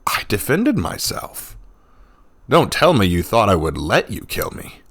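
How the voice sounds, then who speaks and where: A man voicing a calm, gentle wandering monk who speaks slowly and softly. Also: on the low side, husky, full character voice. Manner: slow, calm, soft-spoken.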